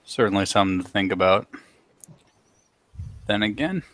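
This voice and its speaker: A man's voice: fairly low pitch, animated, moderate pace, a bit bright, voice pushed down. A man voicing a wary young man cornered by a vampire, answering in a guarded, dry, uneasy way.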